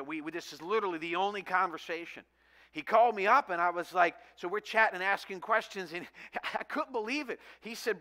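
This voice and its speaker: A man's voice: high-pitched, bright, forceful tone. A pastor giving a conversational sermon, reading scripture, praying, and telling stories to his congregation. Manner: conversational preaching with rising emphasis.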